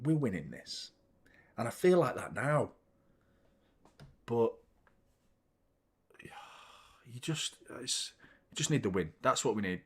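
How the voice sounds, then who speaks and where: During a live watchalong, a young football fan channel host from the United Kingdom jokes casually with his audience, drops the occasional swear word, and breaks into rapid commentary on the game. His voice is mid-pitched, lively in intonation, with a breathy edge.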